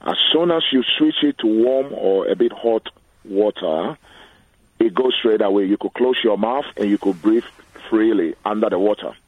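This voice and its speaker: A man calls a radio show over a tinny phone line. His voice is low and husky, and he explains his question earnestly, going over it again. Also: moderate pace. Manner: earnest, repeats himself to explain. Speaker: caller. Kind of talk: phone-in call. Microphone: telephone.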